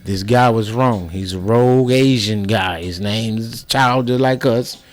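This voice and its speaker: A man's voice: fairly low pitch, unhurried, faint music behind. A man giving impassioned personal commentary, heated and profane, with many restarts and repeated words.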